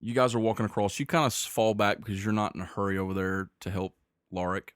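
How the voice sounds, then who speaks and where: A man narrating as game master of a tabletop game, describing scenes in a measured way with frequent restarts. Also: lowish voice, steady tone, smooth, no echo, studio quality.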